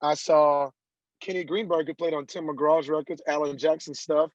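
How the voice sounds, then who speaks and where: Animated male storyteller, slightly high voice. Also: normal speed, no echo. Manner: animated storyteller who acts out quoted dialogue. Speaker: guest, country singer. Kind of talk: casual interview storytelling. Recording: dull lo-fi dry sound.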